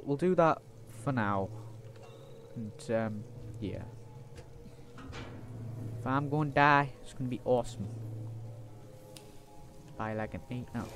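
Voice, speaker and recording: A man giving chatty, playful let's-play commentary, breaking into loud excited outbursts. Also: mid-range voice, slight background noise. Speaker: gaming YouTuber.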